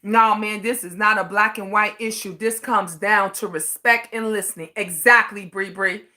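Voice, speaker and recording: A middle-aged woman hosting a livestream launches into an impassioned rant, repeating her points and swearing freely as she reads viewer comments aloud. Her mid-range voice sounds pushed and bright, with fairly even intonation at a moderate pace.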